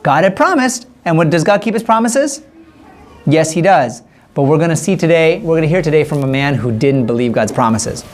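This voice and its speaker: A man's voice: on the high side, fairly quick. A man storyteller telling a Bible story to young children in a church class, asking them questions as he goes. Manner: lively, asks children questions.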